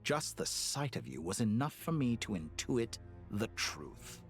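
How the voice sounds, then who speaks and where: A cold, menacing villain. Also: male voice, mid-range voice, big pitch swings, a little slow, soft background music. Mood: condescending. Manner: cold, condescending, smoothly menacing. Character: cruel, calculating male mad-scientist villain. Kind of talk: video game voice acting.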